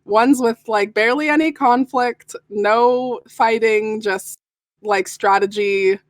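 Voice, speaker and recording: A young woman, a voice actor answering interview questions in a relaxed, giggly way. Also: on the high side, slow, no room sound, clean studio sound. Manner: giggly, laughs often. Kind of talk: casual interview chat.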